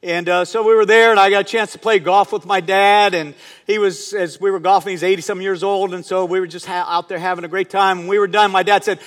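A man's voice: high voice, steady tone, fast talker, fairly bright tone. A man in his fifties preaching, telling a personal story in a conversational way and asking the congregation questions. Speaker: pastor. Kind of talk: sermon. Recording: long hall reverb.

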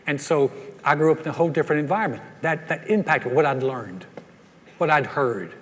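A man's voice: on the high side, brisk, big-room sound, a little hiss or hum. A man in his sixties preaching a sermon, folksy and storytelling, with frequent stammered repeats. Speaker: pastor.

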